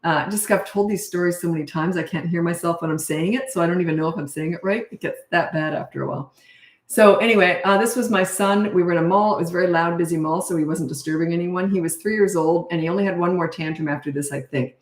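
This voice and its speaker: A middle-aged woman parenting coach answering questions in a blunt, brisk, no-nonsense way. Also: lowish voice. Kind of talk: casual Q&A advice. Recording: echoey room.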